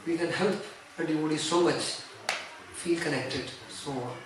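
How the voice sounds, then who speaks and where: A man's voice: fairly high pitch, a little slow, background noise. A man giving an earnest devotional seminar talk, advising and telling stories. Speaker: seminar speaker. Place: temple seminar hall. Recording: very echoey hall, mic far off.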